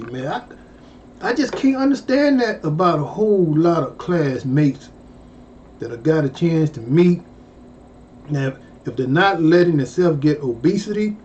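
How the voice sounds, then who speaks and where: Brief: slow-talking man with a high voice, profane storyteller who bursts into loud yelps, dull lo-fi recording. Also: a little hiss or hum. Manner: exclaims loudly, jumping high in pitch and swearing. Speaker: storyteller vlogger. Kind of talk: casual profane storytelling monologue.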